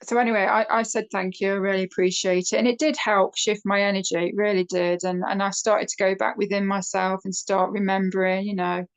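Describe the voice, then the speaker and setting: A woman's voice: mid-range voice, fairly quick, hardly any pauses, clear, resonant tone. Chatty woman telling a story. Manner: chatty, animated when quoting others. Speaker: guest. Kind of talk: casual storytelling interview.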